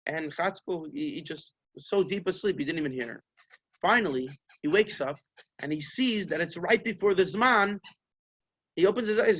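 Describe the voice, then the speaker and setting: Male rabbi, storytelling sermon; high-pitched, lively, acts out the characters. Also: normal speed. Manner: animated storyteller, voices the story's figures, Yiddish-flavored phrasing.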